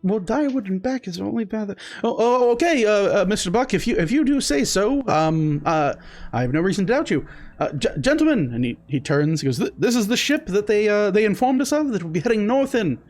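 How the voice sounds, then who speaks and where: A man putting on a high, stammering voice for a fussy, eager merchant in a tabletop game. He trips over his words and gushes, his pitch pushed far up. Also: big pitch swings, brisk, darkish tone. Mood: nervous.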